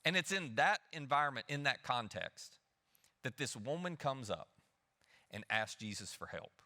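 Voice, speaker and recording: A man preaching a sermon, lively, acting out the people he quotes. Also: medium pitch, normal speed. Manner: animated, acts out the people he quotes. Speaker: pastor. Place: church hall. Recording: long hall reverb.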